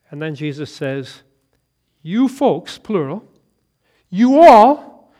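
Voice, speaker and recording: A man preaching an evening sermon, swinging from loud emphatic lines to quiet hushed ones, laughing now and then and asking his listeners questions. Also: sits high, sing-song, slow pace, long pauses. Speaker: pastor.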